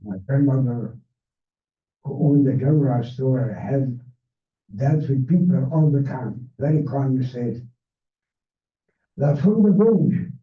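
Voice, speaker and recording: An older man with a Hungarian accent, a Holocaust survivor giving a measured personal testimony talk with non-native grammar, his first language Hungarian. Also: mid-range voice, narrow, tinny audio. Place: library event room. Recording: echoey, distant, phone-thin sound.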